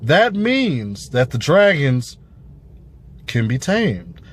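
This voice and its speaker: A man's voice: mid-range voice, big pitch swings, drawn-out words, slight background noise. A man giving a casual, profane review of a TV episode, rambling with lots of fillers. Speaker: show reviewer.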